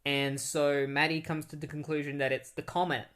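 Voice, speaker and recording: A man's voice: fairly high pitch, little pitch movement, normal speed, a bit bright, clear, resonant tone. A young man casually recapping and reviewing a comic book in a rambling, conversational way.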